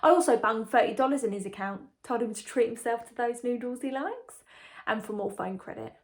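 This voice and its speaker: An actress brings to life a gossipy young woman, confiding in a breezy, chatty way in a dramatic monologue. Her voice sits a touch high for a woman. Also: brisk, lightly acted. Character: chatty young woman engaged to a condemned prisoner. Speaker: lead character in a monologue.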